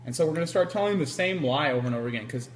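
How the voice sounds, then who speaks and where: A man with a fairly high voice, hosting a live stream. His pitch swings widely as he tells animated stories and acts out other people's lines. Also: racing, a little hiss or hum. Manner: animated storyteller, acts out quotes. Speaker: interviewer livestreaming. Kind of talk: casual live-stream interview. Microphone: handheld camera.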